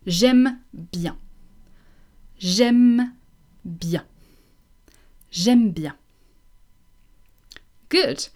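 A woman teaching phrases in a language lesson, slowly modelling each one for learners to repeat, with chatty asides. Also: medium pitch, darkish tone. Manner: slow, patient, models phrases for repetition. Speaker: French teacher.

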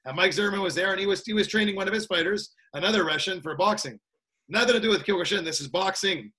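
A man chatting as a podcast guest in an easygoing, energetic way, laughing often and tagging his sentences with "that's it". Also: high voice, fast. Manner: energetic, laid-back, laughs a lot, repeats "that's it". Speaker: guest, combat sports trainer. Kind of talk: casual interview chat.

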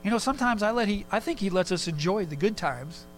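A man preaching a sermon in a relaxed, conversational way, telling a personal story with quick asides. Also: sits high, slight background noise, rough recording. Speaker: pastor.

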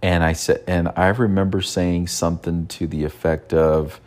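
A man's voice: deep voice, flat delivery, moderate pace, hardly any pauses. A father telling a personal parenting story in an earnest way, often repeating and restarting his phrases. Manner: earnest, repeats himself, soft quoted asides. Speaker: father giving parenting advice.

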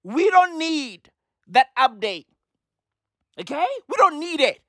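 A woman's voice: sits high, big pitch swings, takes it slowly, pushed and bright, no echo, studio quality. A woman delivering a brash, slangy, profane comedy rant that keeps circling back to the same phrases. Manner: brash, slangy, repetitive, swearing.

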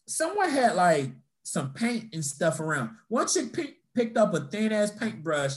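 A man's voice: high-pitched, normal speed, few pauses. A young man casually telling personal stories in conversation, swearing freely and acting out the people he quotes. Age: young adult. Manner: animated storytelling, swearing, acting out quoted voices. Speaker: storyteller in a conversation. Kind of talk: casual chat.

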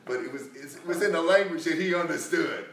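A man with a brisk, somewhat bright, higher-pitched voice preaches a rambling, informal sermon built around a Bible story. He restarts frequently and performs the quotes. The recording is distant and echoey.

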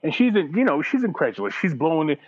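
A man's voice: a little high, sing-song, fast talker, highs cut off. A middle-aged man ranting bluntly on a talk show, swearing constantly as he complains. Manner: blunt, heated and heavily profane. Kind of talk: profane rant on a talk show.

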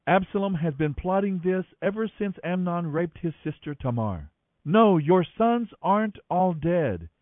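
A man's voice: high voice, animated, unhurried, dry recording. A man voicing a crafty young schemer with a sly, persuasive manner, over a tinny radio line. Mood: scheming.

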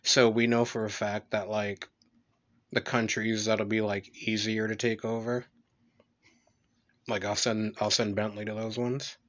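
A young man co-hosting a casual podcast, swearing freely and joking with dark humor. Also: on the low side, flat delivery, unhurried, long pauses. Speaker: podcast co-host. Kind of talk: explicit casual chat. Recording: dull lo-fi recording.

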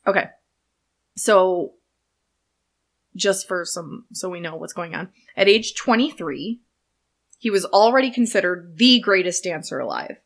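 Woman host, casual storyteller, relaxed and self-correcting on names. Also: lowish voice, measured pace, gravelly, pauses often. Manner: relaxed, stumbles over names. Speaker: podcast host presenting a history segment. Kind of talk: casual chat.

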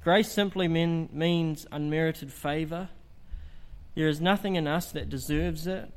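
A man delivers an evangelistic sermon in a voice pitched a little above the usual male range. He speaks with earnest emphasis and leans on rhetorical questions to drive his points home. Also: fairly even intonation, measured pace. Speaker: preacher.

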